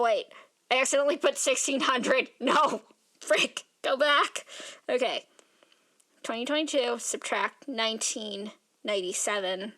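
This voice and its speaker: Yawning through her vlog, the weary young art vlogger rambles on, leaning heavily on fillers and especially "like." Her voice is a little high and fairly bright.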